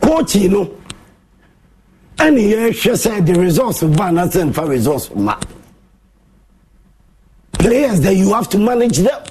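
Husky Ghanaian sports host, theatrical. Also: male voice, sing-song, slow pace, pauses often, darkish tone. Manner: mixes Twi and English, theatrical, shifts pitch a lot, sings bits. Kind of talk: animated sports monologue.

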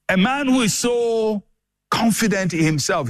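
Slow, lively high-voiced male preacher. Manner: dramatic, emphatic preaching with repetition. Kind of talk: sermon.

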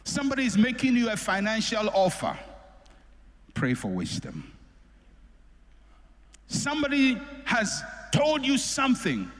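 A man preaching a sermon, repeating phrases for emphasis and swinging between loud and soft. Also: very high voice, huge pitch swings, unhurried, long pauses. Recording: echoey hall with long reverb.

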